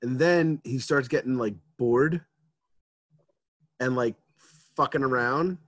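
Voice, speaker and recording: A man's voice: mid-range voice, slow, a bit bright, no echo. A man co-hosting a casual chat, telling a story in a laid-back way and swearing freely.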